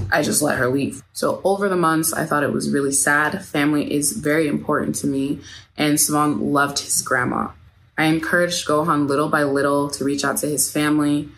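A woman reading a first-person account aloud at a measured, steady pace. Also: sits low, slight background noise. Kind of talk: read first-person statement.

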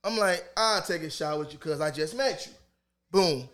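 A man on a live stream telling a comic story in casual chat, animated and profane, acting out the people he quotes. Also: a little high, moderate pace.

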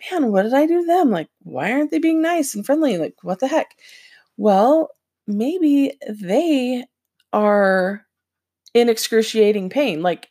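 A woman casually telling a personal story, rambling and halting with lots of filler words, earnest and emotional, her voice dropping quiet at the hard parts. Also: mid-range voice. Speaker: vlogger sharing personal experience.

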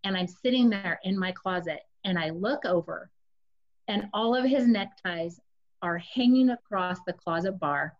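A woman's voice: medium pitch, unhurried, muffled recording. A woman sharing a personal testimony in a casual, confessional storytelling way, speaking directly to her listeners.

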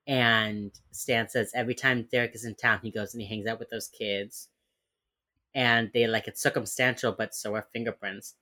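A woman's voice: extremely low pitch, normal speed. Chatty woman recapping a show with quoted lines. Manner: animated, swears, acts out characters' lines. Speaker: podcast co-host. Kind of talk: casual chat recapping a TV episode.

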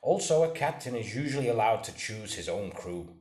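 Man doing a gruff, stern sea captain. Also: lowish voice, sing-song, brisk, a little mellow. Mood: gruff complaint. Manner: blunt, disapproving. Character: stern grumbling middle-aged male sea captain. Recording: roomy echo.

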